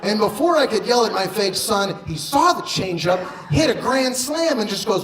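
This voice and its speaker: Man, stand-up comedian, brash storytelling, somewhat high-pitched, live club with audience noise. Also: lively intonation, moderate pace, roomy sound, a crowd in the background. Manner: loud, punchy delivery with profanity and acted-out quotes.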